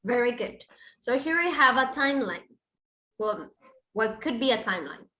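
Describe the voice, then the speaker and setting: Bright-voiced woman teaching English grammar. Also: on the high side, lively intonation, moderate pace, reverberant, low-quality recording. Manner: explains step by step with examples. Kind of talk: online grammar lesson.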